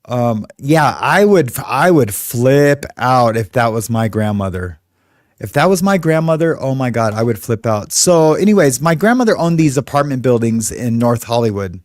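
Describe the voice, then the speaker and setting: A man's voice: medium pitch, lively intonation, moderate pace, dry recording, clean studio sound. A middle-aged man from California, hosting and telling a story in a casual, rambling way. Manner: rambling, conversational, many fillers. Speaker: host.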